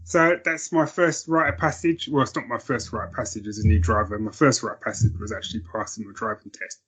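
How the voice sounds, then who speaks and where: A man's voice: lowish voice, steady tone, brisk, fairly bright tone, husky. A man hosting a morning podcast, bantering in a dry, joking way. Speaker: podcast host. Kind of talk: casual chat.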